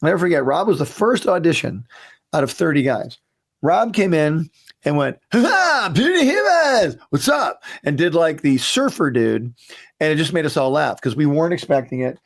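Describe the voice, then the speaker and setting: A man's voice: fairly high pitch, animated, moderate pace, vocal fry. A man who created a cartoon, chatting casually as he reacts to an old episode and tells anecdotes, with ums and restarts.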